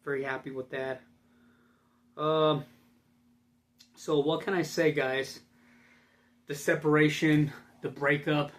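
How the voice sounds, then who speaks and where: A man's voice: medium pitch, a bit bright. A young man rambling in a casual vlog, profane and full of fillers. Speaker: vlogger.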